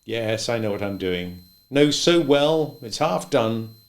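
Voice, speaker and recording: Guy reading a gentle stubborn old farmer, soft reflective talk, regular pitch. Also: expressive, takes it slowly. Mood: wistful. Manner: gentle, reflective, louder than narration.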